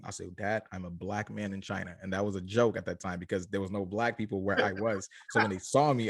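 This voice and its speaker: Man, low voice, dry close sound, animated storyteller, interview guest. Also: quick pace, hardly any pauses, husky, no room sound. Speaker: shoe company founder. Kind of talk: telling his story in an interview.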